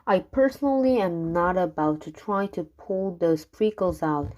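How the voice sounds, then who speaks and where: Calm, sensible storybook mom, matter-of-fact, read by a woman; slow and low. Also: close to an everyday voice.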